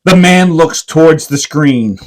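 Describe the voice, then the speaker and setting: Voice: mid-range voice, animated, a little slow. A podcast co-host reading out absurd AI-written comedy scenes with playful, dry timing.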